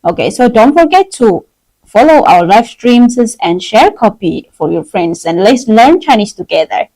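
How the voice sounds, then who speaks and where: A woman teaching a live-streamed language lesson, drilling words slowly for learners to repeat, in simple non-native English. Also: mid-range voice, sing-song, dark tone, low-quality recording. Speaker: Chinese teacher.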